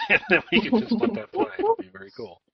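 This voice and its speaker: A man's voice: sits high, wildly swooping pitch, fairly quick, gravelly. A man co-hosting a podcast in casual chat, joking and teasing his guests. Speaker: podcast co-host. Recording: muffled, set back from mic.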